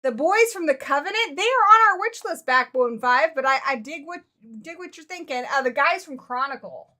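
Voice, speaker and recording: A woman's voice: high voice, animated, brisk, pushed and bright. A woman hosting a livestream in a casual, chatty way, talking straight to her viewers and laughing easily. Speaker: livestream host. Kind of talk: casual live chat.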